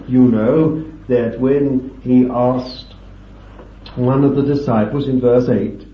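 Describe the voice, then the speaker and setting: Slow, deliberate preacher in an echoey hall. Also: male voice, medium pitch, a little hiss or hum. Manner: slow, deliberate Bible exposition with emphatic stresses. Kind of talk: sermon. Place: meeting hall with a small group. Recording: echoey, distant, dull lo-fi recording.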